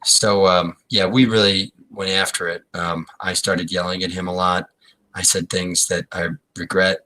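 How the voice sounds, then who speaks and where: Bright-voiced man rambling in improv. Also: deep voice, flat delivery, poor audio. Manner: rambling, halting speech full of restarts. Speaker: improv performer. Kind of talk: improvised comedy scene. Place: small theater stage.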